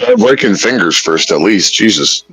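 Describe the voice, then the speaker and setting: A man playing a tabletop game, quickly explaining what his character wants to do. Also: low-pitched, expressive, sharp tone, breathy edge, no echo, poor audio. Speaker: player. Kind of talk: casual tabletop play.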